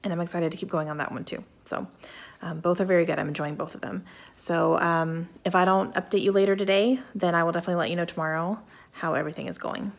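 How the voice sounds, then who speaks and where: A woman's voice: on the low side, steady tone, fast talker, gravelly. A woman in her thirties chatting casually in a reading vlog at home, upbeat and laughing often. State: talking around a mint in her mouth. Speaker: book vlogger.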